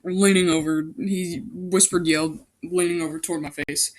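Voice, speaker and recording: A woman's voice: low-pitched, steady tone, a little fast, hardly any pauses. Goofy woman reading aloud with jokes. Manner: goofy, breaks off to joke and correct herself. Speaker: amateur story reader. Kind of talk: casual read-aloud of a fan story with jokey asides.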